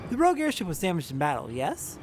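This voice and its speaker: Guy reading as a stuffy engineer type, formal and wordy, lively up-and-down delivery. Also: sits high, quick pace, a little hiss or hum. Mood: brisk. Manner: formal, wordy, slightly pompous. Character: pompous old-fashioned male engineer, brisk and confident.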